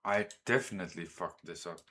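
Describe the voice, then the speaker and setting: A gaming streamer from Denmark, whose voice sits low with a bright, forceful tone, drawls through his thoughts while setting up train routes. Speaking with a Danish accent, he chats casually, addresses his trains, and swears or exclaims when something goes wrong.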